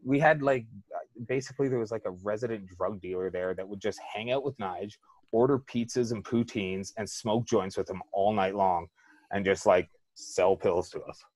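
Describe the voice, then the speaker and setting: A man's voice: on the low side, normal speed, darkish tone, dry recording. Laid-back rambling man, dry close mic. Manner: rambling, laid-back storytelling with lots of fillers and swearing. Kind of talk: casual chat.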